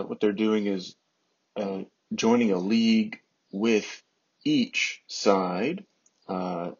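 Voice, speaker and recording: A man teaching ancient Greek in an unhurried way, often pausing with fillers. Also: on the low side, husky, lo-fi sound. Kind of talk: slow explanatory lesson.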